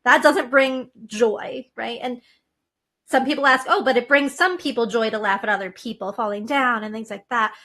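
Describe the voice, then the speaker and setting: A woman's voice: on the high side, moderate pace, pushed and bright. A woman guest in a casual podcast conversation over a video call, playful and laughing often as she talks.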